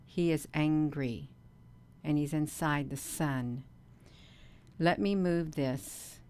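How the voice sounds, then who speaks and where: A woman hosting a casual livestream vlog, talking in an earnest, repetitive way with many pauses and ums. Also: deep voice, darkish tone. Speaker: channel host.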